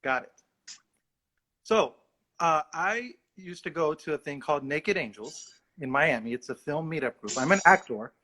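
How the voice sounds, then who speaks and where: A man's voice: a little high, a little slow, sharp tone. A male actor telling a rambling, self-mocking story in a casual livestream chat. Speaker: actor guest.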